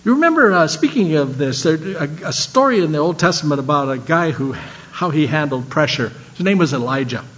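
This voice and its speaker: An older man preaching a sermon, telling stories and swinging between animated lines and soft, low ones. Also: fairly quick. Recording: dull lo-fi sound.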